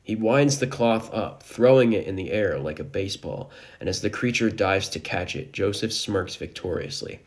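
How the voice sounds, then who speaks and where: A man with a very low, gravelly voice recaps a manga chapter. His telling is casual and enthusiastic, and he breaks in with joking side comments. The fry in his voice is constant. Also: moderate pace, few pauses.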